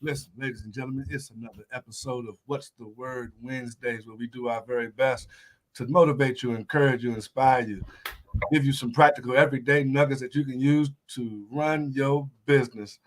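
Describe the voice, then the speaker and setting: A male host of a business livestream, energetic and full of hype. He repeats catchphrases and keeps the show rolling with loud call-outs. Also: medium pitch, fairly quick, a little hiss or hum. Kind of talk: upbeat business livestream chat.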